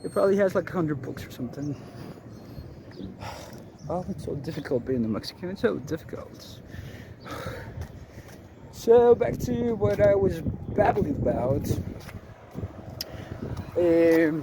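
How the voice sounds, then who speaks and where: A man's voice: a little high, animated, unhurried, pauses often. A man vlogging casually as he walks outdoors through city streets, rambling and chatting straight to his viewers. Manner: rambling, chatty, talks to viewers while strolling. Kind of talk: casual walking vlog. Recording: loud street and traffic noise.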